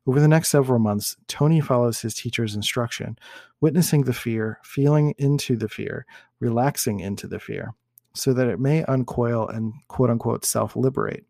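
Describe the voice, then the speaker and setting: A man hosting a teaching talk, reading a case study aloud in a measured, explanatory way and sometimes correcting himself. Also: medium pitch, creaky, mellow, no room sound, studio quality. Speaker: host and teacher.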